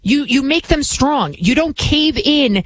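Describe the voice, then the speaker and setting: A woman's voice: high voice, lively intonation, slow pace, low-quality recording. A woman filling in as a talk radio host, delivering blunt, combative and opinionated commentary.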